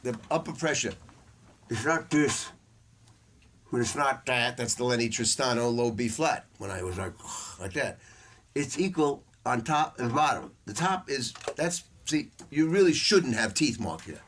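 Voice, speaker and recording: A man's voice: mid-range voice, lively intonation, a little slow, fairly bright tone, a little hiss or hum. An older man teaching a saxophone masterclass in a casual, blunt way, with slang and the odd swear word. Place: music store room with students.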